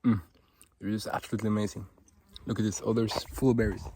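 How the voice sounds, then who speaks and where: A Norwegian man, Norwegian-accented and fast-talking with a voice on the low side, vlogs casually while walking through a forest on a hot day. His delivery is gushing and excitable, rambling and packed with fillers.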